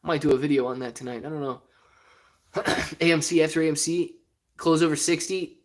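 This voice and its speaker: A man's voice: fairly high pitch, brisk. A man from Ohio hosting a casual live stream, reading viewer comments aloud in a rambling, joking way and often laughing. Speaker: stock livestream host.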